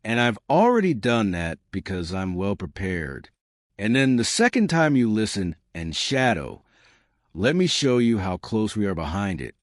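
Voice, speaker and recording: Lively low-voiced man teaching. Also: unhurried, dry recording, studio quality. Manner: encouraging, repeats "right?" to check in. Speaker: English teacher. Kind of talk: teaching lesson to learners.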